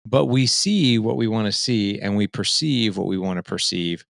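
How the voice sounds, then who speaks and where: A man's voice: fairly low pitch, moderate pace, creaky, no room sound, clean studio sound. A man in his forties telling a personal story in an earnest, emphatic way, often checking in with "right?". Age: 40s. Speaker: fatherhood coach and podcast host, here a guest. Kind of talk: conversational storytelling.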